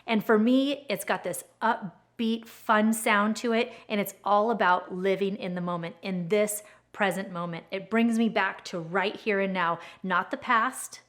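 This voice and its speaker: A woman's voice: medium pitch, steady tone, unhurried, hardly any pauses, a bit bright. A woman giving an earnest, encouraging self-help talk about her own growth, in a reflective way.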